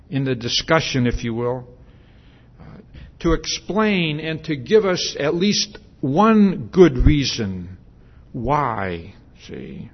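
Slow, conversational male preacher. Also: medium pitch, slightly rough, lo-fi sound. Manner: conversational, with many fillers and restarts; asks the congregation questions. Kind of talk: sermon.

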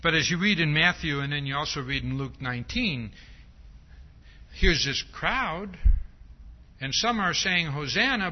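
Slow, high-voiced male preacher. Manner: frequent rhetorical "see?"; emphatic, acts out quoted speech. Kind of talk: sermon. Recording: dull lo-fi recording.

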